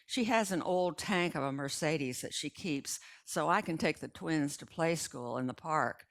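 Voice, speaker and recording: A woman's voice: deep voice, a little slow. An older woman reading a first-person short story aloud in a chatty, gossipy storytelling manner. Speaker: resident reader.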